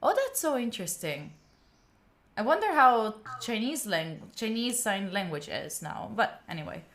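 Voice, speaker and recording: A woman's voice: mid-range voice, sing-song, moderate pace, a bit bright. A young Italian woman with an Italian accent, English not her first language, hosting a study stream and chatting casually. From Italy. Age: young adult. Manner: chatty, trails off with "blah, blah". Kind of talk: casual chat.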